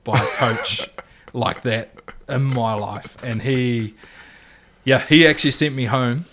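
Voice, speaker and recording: A man in his thirties with a New Zealand accent, a guest telling a lively anecdote in casual chat and acting out the quotes. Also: mid-range voice, slow pace.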